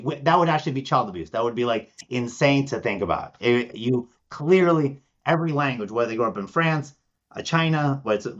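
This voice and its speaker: A man from Argentina speaks as a podcast guest. He tells stories with energy and puts on the voices of the people he quotes. His voice sits at a middle pitch, and the recording sounds slightly dull. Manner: animated storyteller, acts out quoted voices. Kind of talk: podcast interview.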